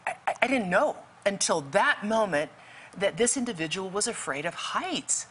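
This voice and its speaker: A woman's voice: medium pitch, lively intonation, moderate pace, a bit bright, a little hiss or hum. A woman guest telling a faith story vividly, acting out the dialogue in it. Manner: vivid, acts out quoted dialogue. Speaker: guest author. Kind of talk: storytelling testimony.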